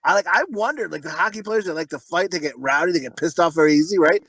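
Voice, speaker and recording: A man's voice: on the high side, fast talker, fairly bright tone, poor audio. A man co-hosting a podcast, riffing crudely and rambling, full of swearing and sudden put-on voices. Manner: profane, rambling, breaks into voices and giggles. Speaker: podcast co-host.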